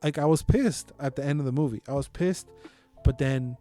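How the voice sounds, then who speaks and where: A man's voice: mid-range voice, normal speed, faint music behind. A man co-hosting a podcast in casual chat, swearing freely and talking with emphatic energy. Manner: profane, animated and emphatic. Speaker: podcast co-host.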